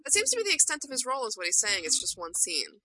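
A woman hosting a casual fan podcast, briskly reading out news and quotes. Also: fairly high pitch, wildly swooping pitch, sharp tone, rough recording.

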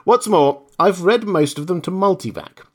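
A man's voice: sits high, expressive, moderate pace, voice pushed up. A man voicing a stiff, sullen male grandmaster who speaks sharply in clipped, pointed questions. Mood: stern.

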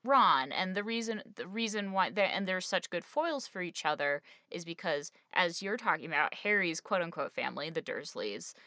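A woman with a slightly low voice co-hosts a casual book podcast. She talks fast and loose, leaning on "like" and "kind of". The sound is dry and close, with no room echo. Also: animated, sharp tone. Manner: chatty, many fillers like "like" and "kind of". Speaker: podcast co-host.

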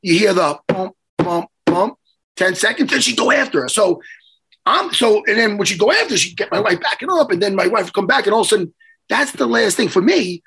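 Middle-aged New man, hoarse gravelly voice, animated high-pitched storyteller, casual podcast host. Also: fairly quick. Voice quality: hoarse, worn voice. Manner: animated, profane, acts out quotes.

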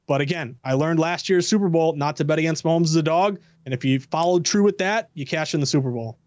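A man speaks as a sports betting analyst guest, quick and eager with a self-deprecating touch. His voice sits a little high. The sound is dry and dull, like a slightly lo-fi remote line. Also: a little mellow, dry recording. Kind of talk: casual sports betting talk.

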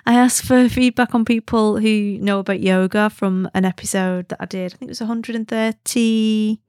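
A woman's voice: mid-range voice, fairly even intonation, normal speed, a little mellow, clean tone, studio quality. Give me a chatty woman host, talking casually with a mid-range voice and no room echo. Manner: chatty, rambling with slang and self-deprecating asides. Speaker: podcast host. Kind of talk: casual chat.

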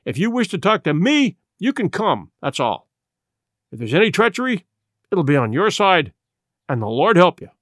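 A man's voice: sits high, very animated, normal speed, fairly bright tone, dry recording, studio quality, heavily acted. Man reading as a stern, curt sea captain. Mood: scornful. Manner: clipped barked orders. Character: stern male ship's captain, curt and commanding.

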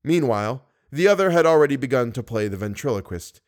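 A man reading a classic novel aloud in a measured, dramatic narration. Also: medium pitch, lively intonation, darkish tone. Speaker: audiobook narrator. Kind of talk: scripted narration.

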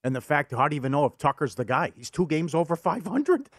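A man's voice: fairly high pitch, big pitch swings, fast talker, no room sound, studio quality. A man co-hosting a sports betting talk show, laughing easily and reading ads in a casual way. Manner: laughs often, chewing and mumbling at times.

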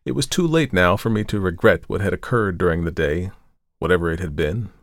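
Deep-voiced man reading a story aloud. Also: no echo, clean studio sound. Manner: lifts his voice for quoted speech, slows for tense moments. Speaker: podcast host reading a story. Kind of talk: dramatic audiobook narration.

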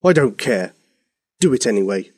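A grumpy storybook king who splutters out royal orders, put on by a male narrator. His voice is pitched up and bounces around a lot. The recording is close and dry. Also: big pitch swings, normal speed, slightly rough, no echo. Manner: huffy, commanding, spluttering.

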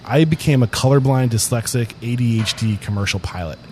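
A man's voice: medium pitch, brisk, warm tone. A man with a mid-range voice hosts a casual interview. He is earnest and probing, and he swears casually while he talks. Faint background noise runs under him. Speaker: podcast host.

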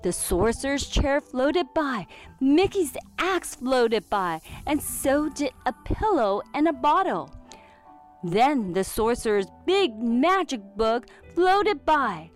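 Slow, expressive woman reading a storybook. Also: sits high. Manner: expressive, clearly enunciated reading. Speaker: storybook reader. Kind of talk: children's storybook read-aloud.

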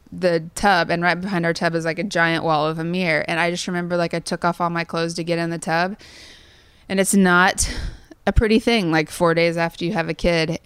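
A woman's voice: lowish voice, smooth, no echo. A woman in her thirties, a songwriter guest, telling a personal story in a rambling way with lots of fillers. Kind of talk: conversational storytelling.

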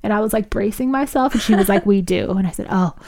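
A woman with a mid-pitched voice, talking casually about her week. She tells animated stories with heavy swearing. She acts out the voices of the people she quotes. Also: rapid-fire. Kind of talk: casual chat.

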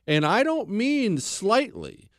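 A man's voice: high-pitched, big pitch swings, slow, a bit bright, no echo, clean studio sound. A man hosting a podcast, telling history in a blunt, opinionated way, mocking people and acting out quotes. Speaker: podcast host.

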